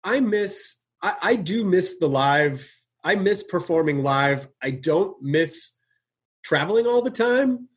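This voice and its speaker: A man's voice: high voice, lively intonation, slightly rough. A man hosting a casual podcast conversation, speaking with enthusiasm and often restarting and repeating words. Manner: enthusiastic, halting, repeats words while searching for them. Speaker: podcast host.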